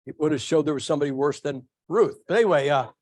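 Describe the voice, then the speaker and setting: A middle-aged male pastor preaching a sermon, telling folksy stories with lively asides to his congregation. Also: on the high side, fast, no room sound. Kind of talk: sermon with storytelling.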